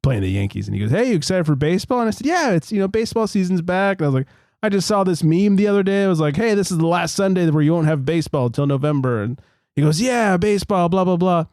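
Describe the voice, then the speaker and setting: A man hosting a casual beer podcast, telling a story in an animated, profane way with frequent laughter. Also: a little high, quick pace, creaky, no room sound, clean studio sound. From Los Angeles. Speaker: podcast host.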